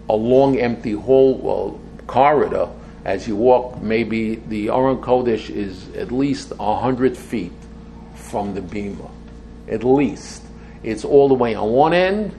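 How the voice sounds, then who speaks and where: Older guy teaching a torah class, gets loud and excited, rambles, slips in hebrew. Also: lowish voice, a little hiss or hum. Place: room with a small audience.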